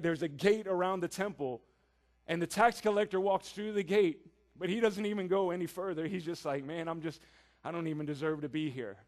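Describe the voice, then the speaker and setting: High-voiced man preaching a sermon. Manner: earnest, emphatic, with repeated phrases.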